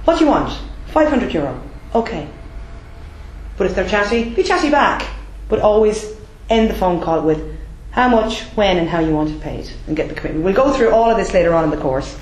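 A woman's voice: medium pitch, lively intonation, fairly quick, hardly any pauses, darkish tone. An Irish woman running a debt collection training course, speaking emphatically and checking in with her listeners with frequent "okay?". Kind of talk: classroom training talk. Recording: roomy echo.

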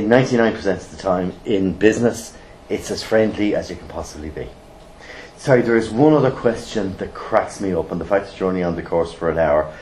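A middle-aged man teaching a training course, blunt and lively, firing rhetorical questions at the room. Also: mid-range voice. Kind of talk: classroom teaching. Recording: roomy echo, faint background noise.

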